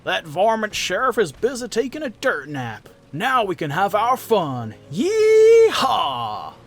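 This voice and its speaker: A man's voice: high voice, wildly swooping pitch, slow, faint music behind, voice pushed up, full character voice. A man voicing a rowdy Wild West outlaw who gloats and hollers in a cowboy drawl. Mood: gleeful.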